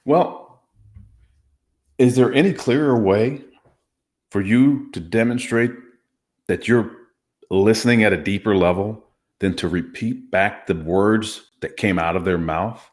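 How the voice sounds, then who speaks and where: Emphatic low-voiced negotiator man. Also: a little slow, pauses often, darkish tone. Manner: emphatic, demonstrates techniques aloud. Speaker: former hostage negotiator, guest. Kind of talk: teaching conversation skills.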